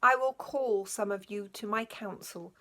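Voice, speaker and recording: A woman's voice: medium pitch, a little slow, bright, forceful tone. A woman voicing a majestic male lion king who calls the creatures to council in a solemn, commanding way.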